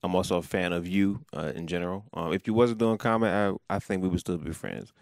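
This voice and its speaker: A man co-hosting a podcast, speaking slowly and hesitantly with frequent fillers. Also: deep voice, expressive, vocal fry, darkish tone, no echo, clean studio sound. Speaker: podcast co-host. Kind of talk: casual chat. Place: studio in Richmond, Virginia.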